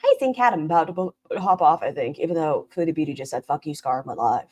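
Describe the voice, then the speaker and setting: Lively sarcastic woman streamer. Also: low-pitched, fast talker, dull audio. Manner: sarcastic, swears freely, swings from loud to muttered. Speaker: commentary streamer. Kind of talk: reaction commentary on clips.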